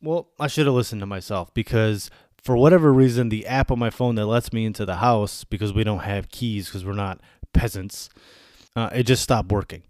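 A man in his thirties hosting a podcast, telling a story as a casual rant, animated and swearing, acting out little quoted asides. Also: on the low side, moderate pace, dry recording, studio quality. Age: 30s. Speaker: podcast host.

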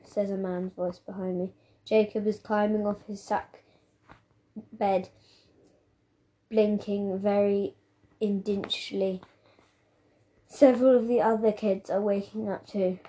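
A woman reading a children's novel aloud, telling the story in a steady, plain way. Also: mid-range voice, measured pace, long pauses. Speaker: audiobook reader.

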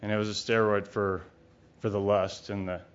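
Speaking at a recovery retreat, a middle-aged man tells his recovery story in a smooth, lowish voice with a level tone at normal speed. He's candid and rambling, blunt and often profane, using many fillers, on a dull lo-fi recording.

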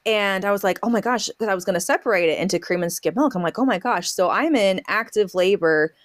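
Dry-sounding animated woman storyteller. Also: mid-range voice, fast talker, no room sound. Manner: lively storyteller who acts out her own quotes; frequent fillers and laughs. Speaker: podcast guest, homesteader. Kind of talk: casual storytelling interview.

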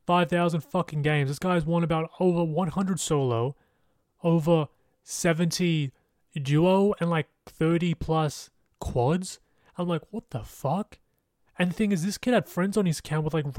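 A man's voice: fairly high pitch, dry recording, clean studio sound. A young man hosting a podcast, telling a story in a rambling, sweary, casual way. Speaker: podcast host. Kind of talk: casual monologue.

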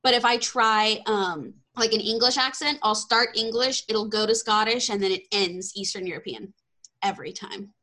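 A woman's voice: mid-range voice, normal speed, bright, forceful tone. A woman in her twenties from Texas, hosting a casual podcast chat, bubbly and self-deprecating, laughing often. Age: 20s. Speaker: podcast host.

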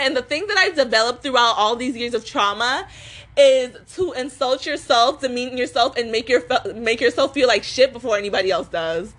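Speaking at normal speed in a fairly bright, slightly high voice, a young adult woman rants casually on her vlog. Her talk is full of swearing and filler words, and she keeps breaking into laughter between sentences.

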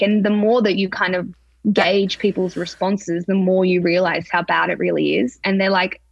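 A woman's voice: medium pitch, level tone, creaky, dry recording, muffled recording. A young woman, a podcast guest, recounting a painful personal experience in a candid, emotional way. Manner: emotional, confessional, halting.

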